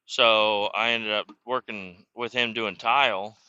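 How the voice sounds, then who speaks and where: Sitting in a car while driving, a male vlogger casually tells rambling, profanity-filled stories about his past, chuckling now and then. His voice is lowish, smooth and sharp, slow with fairly even intonation, on lo-fi sound.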